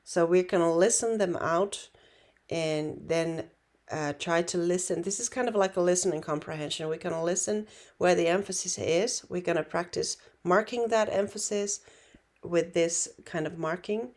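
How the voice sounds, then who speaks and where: A woman with Finnish as her first language, teaching a relaxed online language lesson in an unhurried, reassuring way. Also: fairly low pitch. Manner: unhurried, reassuring, many fillers and restarts.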